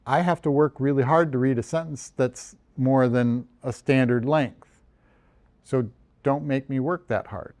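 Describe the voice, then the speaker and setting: A man's voice: medium pitch, a little mellow. A man from the United States, a journal editor, giving a conversational lecture over slides with frequent ums and restarts. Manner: conversational, self-deprecating, many ums and restarts.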